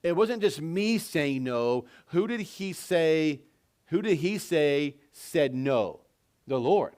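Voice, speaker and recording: Conversational preacher, man with a higher voice. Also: lively intonation, slow pace, a little mellow, smooth. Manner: conversational storytelling with questions to the congregation. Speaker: pastor. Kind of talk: sermon. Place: church sanctuary.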